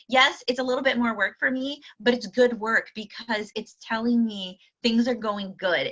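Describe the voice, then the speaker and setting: Chatty bright-voiced woman sales coach. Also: mid-range voice, muffled recording. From Akron, Ohio. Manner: chatty, lots of fillers, acts out dialogue. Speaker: direct sales party consultant and coach. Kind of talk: casual coaching talk.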